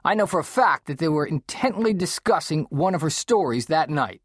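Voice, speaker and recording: A man doing a sharp, stern mother. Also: a little high, lively intonation, normal speed, husky, no echo, studio quality, voice pushed up. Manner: sharp, clipped, accusing. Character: stern middle-aged mother figure.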